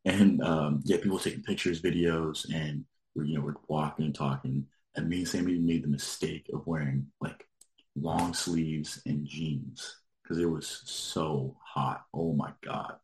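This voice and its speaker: Very deep-voiced man, casual rambling story. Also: steady tone, a little slow, a little mellow, reverberant. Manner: rambling, lots of likes, laughs while telling. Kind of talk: casual chat.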